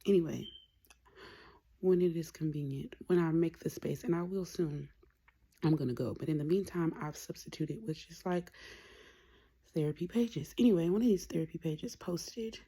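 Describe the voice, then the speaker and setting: A young woman talking candidly in a rambling personal vlog, often dropping to a soft whisper. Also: sits low, normal speed, slightly rough. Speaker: vlogger.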